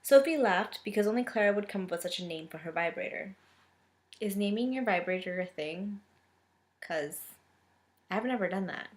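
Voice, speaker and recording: A woman's voice: medium pitch, animated, normal speed, pauses often. A young woman reading a romance novel aloud, breaking off for sarcastic asides. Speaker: book reader and reviewer. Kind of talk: casual book reading with commentary.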